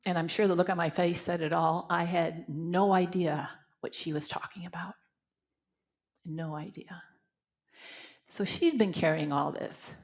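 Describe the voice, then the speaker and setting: Older canadian lady minister, kinda low and gravelly, tells stories then guides a meditation. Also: steady tone, a little slow, long pauses, darkish tone. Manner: storytelling, acting out quoted voices. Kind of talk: spiritual talk with guided meditation.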